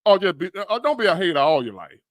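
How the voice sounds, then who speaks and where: A man's voice: high-pitched, big pitch swings, fast talker, no room sound. A man giving blunt, profane, rambling reaction commentary on a livestream. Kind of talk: reaction commentary on a news clip.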